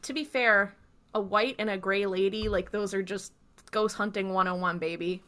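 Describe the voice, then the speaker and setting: A woman's voice: medium pitch, steady tone, moderate pace, a bit bright. A woman co-hosting a podcast, retelling scenes in casual chat and acting out the quotes. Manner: chatty storyteller, acts out quotes. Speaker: podcast co-host.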